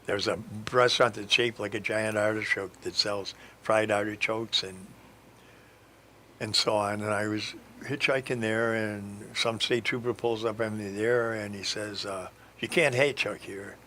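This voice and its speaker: Rambling, bright-voiced male storyteller. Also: on the low side, fairly even intonation, measured pace, a little hiss or hum. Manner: meandering, hesitant, frequent fillers and restarts. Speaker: radio guest telling a life story.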